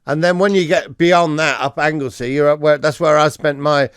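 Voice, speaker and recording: A man's voice: on the high side, fairly even intonation, moderate pace, clean tone, no room sound, clean studio sound. A man from North Wales, a radio host, chatting with a guest in a jokey, easygoing way. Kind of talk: radio interview chat.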